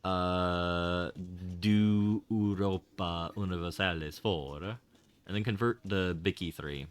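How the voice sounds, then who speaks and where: Talking slowly in a smooth, low voice, a gamer offers casual livestream commentary full of rambling, wry sarcasm and offhand swearing.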